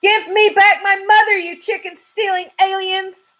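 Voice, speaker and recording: A bossy young hen from a children's storybook, played by a woman reading aloud, shrieking high and loud. She barks her orders in a snappy, commanding way. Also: level tone, a little slow. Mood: frantic. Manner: snappy, commanding, yelling in alarm.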